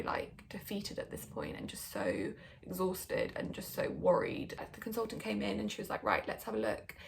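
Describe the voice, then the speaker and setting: A young woman tells a personal story in a candid, chatty way, full of likes and ums. Her mid-pitched voice has a heavy, gravelly fry. There is a faint hum in the background. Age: young adult. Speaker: vlogger.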